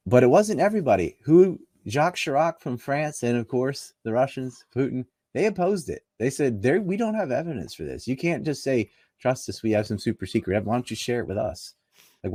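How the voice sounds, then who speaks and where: A man's voice: sits low, darkish tone, dry recording. A man from North Carolina giving an interview, talking politics in an emphatic, argumentative, scoffing way. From North Carolina, USA. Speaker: interview guest. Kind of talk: casual political talk.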